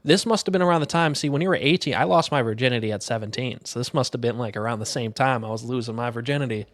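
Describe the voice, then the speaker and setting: Brief: young male co-host, mid pitch, blunt and offhand delivery, dry close recording. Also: fast, no echo. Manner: blunt, offhand, reads aloud flatly. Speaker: podcast co-host. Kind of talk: casual crude chat.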